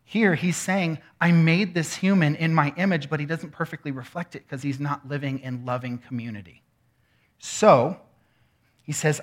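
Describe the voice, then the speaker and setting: A man's voice: on the high side, fairly bright tone. A man preaching a sermon in a teaching manner, often checking in with the room. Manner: teaching, asks the room questions. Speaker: pastor.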